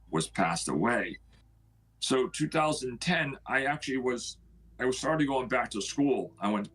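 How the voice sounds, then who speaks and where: A man, the owner of the house, telling an emotional personal story in a halting way and acting out what people said to him. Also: mid-range voice, fairly bright tone, a little hiss or hum, rough recording. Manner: emotional, halting, acts out quoted dialogue.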